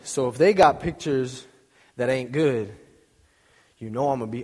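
A man's voice: medium pitch, a little slow, darkish tone, breathy edge. A young man giving an informal sermon, chatty and joking, acting out little scenes as he tells stories. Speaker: preacher. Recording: long hall reverb.

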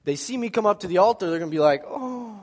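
A male pastor delivers a sermon in a lively storytelling manner. He jokes with the congregation and slips into voices to act out the scenes. His slightly high voice rings through a church with a long reverb. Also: rapid-fire. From American Midwest. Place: church sanctuary.

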